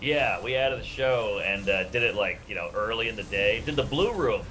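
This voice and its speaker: A stand-up comedian from New Orleans trading road stories in podcast banter, telling them in an animated, profane way. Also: male voice, lowish voice, normal speed, slight background noise, low-quality recording.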